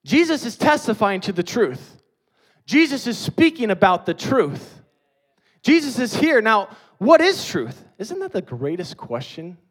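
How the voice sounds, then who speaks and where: A man preaching a sermon, emphatic, swinging between loud stressed phrases and quiet low passages. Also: very animated, unhurried, breathy edge.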